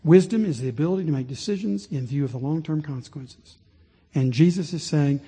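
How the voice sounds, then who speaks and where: A man preaching a sermon as pastor, rising to impassioned pleading and dropping low and slow. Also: dark tone, husky. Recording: long reverb of a large hall.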